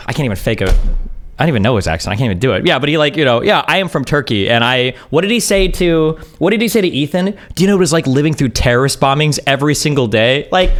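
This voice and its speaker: A man in his thirties hosts a live stream, his voice rising and falling in lively swings as he reacts to clips. He is blunt, sarcastic and swears freely. When he explains something, he walks through it point by point and checks in with the audience. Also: on the high side. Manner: explains step by step, checking in with "okay?". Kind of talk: casual live-stream commentary.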